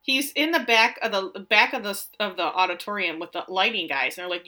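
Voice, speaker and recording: Bright-voiced woman acting out movie lines. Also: fairly quick, few pauses. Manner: acts out characters' lines with big pitch jumps and giggles. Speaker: podcast co-host recapping a film. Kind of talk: casual chat.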